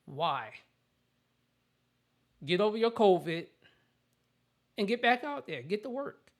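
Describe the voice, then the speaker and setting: Speaking slowly but very animated, a host offers casual political commentary as a blunt, opinionated rant. The voice is mid-pitched, the wording plain and everyday, and sentences frequently stop and begin again.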